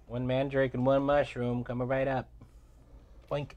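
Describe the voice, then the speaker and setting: A man's voice: mid-range voice, little pitch movement, a little slow, darkish tone, dull audio. A man hosting a casual board game show, playful and laughing often. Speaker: host.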